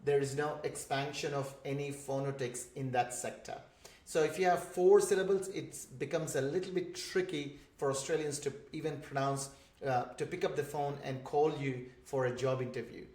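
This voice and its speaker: A man's voice: fairly high pitch, fairly even intonation, normal speed, a little mellow. A man from India with an Indian English accent, patiently explaining examples in an online course lesson. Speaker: instructor for migrant job seekers. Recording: roomy echoey room.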